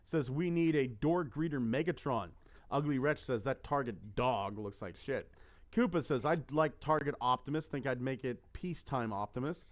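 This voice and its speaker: A man's voice: medium pitch, normal speed. A man co-hosting a casual podcast, reading out song lyrics and viewer comments and swearing freely. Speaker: co-host.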